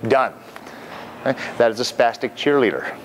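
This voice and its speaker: A man's voice: mid-range voice, expressive, moderate pace, slight background noise. A man trainer explaining exercise moves in an upbeat, playful way, often checking in with "okay?", recorded outdoors on a hilltop. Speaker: fitness trainer. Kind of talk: instructional demonstration.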